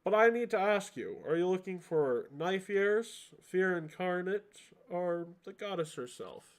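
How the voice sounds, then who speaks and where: A man plays a small crowned kobold chieftain in a tabletop game, sly and mocking. The voice sits a little high, and the lines are drawn out in taunting questions. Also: lively intonation, unhurried.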